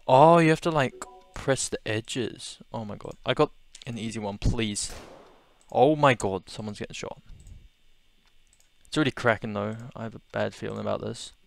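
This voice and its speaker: A young man with an Australian accent giving excitable let's-play commentary, gasping and repeating his exclamations. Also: mid-range voice, measured pace, gravelly, long pauses, dry recording. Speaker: gaming video host.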